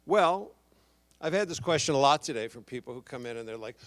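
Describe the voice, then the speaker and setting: A man's voice: medium pitch, a little fast. A man in his sixties from Houston, a guest actor on a convention stage, telling rambling anecdotes and acting out the voices of people he quotes. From Houston, Texas, USA. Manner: animated, acts out quoted voices, rambling restarts. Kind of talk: anecdotal storytelling to a live audience.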